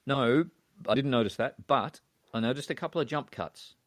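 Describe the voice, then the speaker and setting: A man's voice: mid-range voice, moderate pace, dry recording, clean studio sound. A man co-hosting a podcast, talking casually about a film with hesitant, trailing phrasing. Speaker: podcast co-host.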